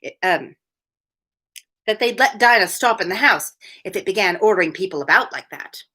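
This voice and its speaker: A woman's voice: mid-range voice, expressive, moderate pace, pushed and bright, breathy edge. A woman reading aloud, voicing a curious young girl who talks to herself as she wonders. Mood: wondering.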